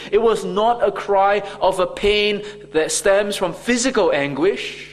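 Male preacher, unhurried and emphatic, with a slightly raised pitch. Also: big-room sound. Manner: slow, emphatic preaching with dramatic quoted voices. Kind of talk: sermon.

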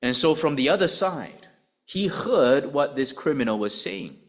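A man preaching a sermon, addressing his listeners directly with an animated delivery. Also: measured pace. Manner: animated preaching, rising and dropping in pitch and volume.

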